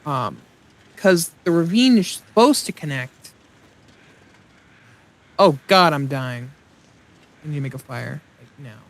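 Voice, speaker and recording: A man's voice: a little high, animated, slow pace, pauses often. A man hosting a let's play, giving casual gameplay commentary and rambling aloud as he thinks, often mocking himself.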